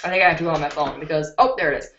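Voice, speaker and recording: Excitable woman from Chicago hosting a beauty channel live stream, reads comments aloud; lo-fi webcam audio in a roomy space. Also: low-pitched, very fast, a little hiss or hum. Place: indoors at her computer. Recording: roomy, dull lo-fi webcam sound.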